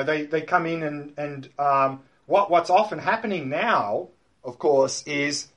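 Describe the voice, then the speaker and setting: Husky man teaching meditation. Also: a little high, a bit bright. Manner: emphatic, repeats key words, points to a diagram. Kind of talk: dharma talk to a class.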